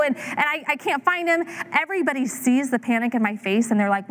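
Animated woman preaching, higher voice. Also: a little fast, hardly any pauses. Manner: animated storytelling with acted-out voices. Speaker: pastor. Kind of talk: sermon.

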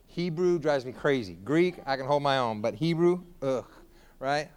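A man preaching a sermon as pastor, joking with the congregation and building up to shouted exhortations. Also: medium pitch, expressive, moderate pace.

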